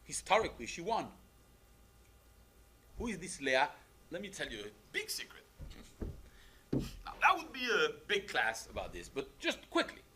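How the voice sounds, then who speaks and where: A rabbi leading a lesson in a strikingly bright, sharp voice that sits high for a man. He talks in an animated, emphatic way, leaning on rhetorical questions, and his pitch swings widely. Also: slightly rough. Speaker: rabbi teaching a class. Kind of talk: lecture on a text.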